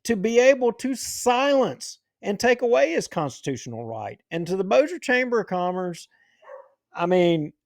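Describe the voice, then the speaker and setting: A man's voice: sits high, big pitch swings, moderate pace, gravelly, dry recording, clean studio sound. A man hosting a talk show, giving heated, indignant political commentary. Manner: ranting, indignant.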